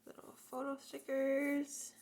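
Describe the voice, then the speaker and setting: High-voiced, gushing unboxing woman. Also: slow, slight background noise. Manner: gushing and excitable, squeals and gasps often; drops to hushed whispers now and then. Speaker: unboxing vlogger. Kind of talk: casual unboxing narration.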